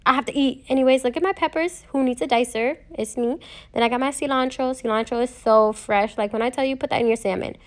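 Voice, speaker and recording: Woman, home cook vlogger, casual cooking voice-over, chatty, joking, slightly high voice. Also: fast talker. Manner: chatty and joking, with playful asides to viewers.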